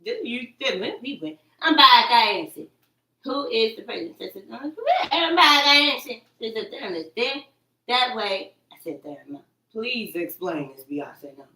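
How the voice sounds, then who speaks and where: A woman's voice: a little high, animated, moderate pace, pushed and bright. Agitated rambling woman in an echoey room. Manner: agitated, repetitive, profane, quoting herself. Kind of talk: rambling livestream monologue. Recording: echoey room, far from the mic.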